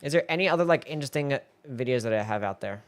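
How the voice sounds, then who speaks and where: A young man streaming live and reacting to his own old videos. He laughs often, swears freely and mocks himself. His voice sits at a middle pitch. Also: lively intonation, quick pace. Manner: laughing, swearing, self-mocking.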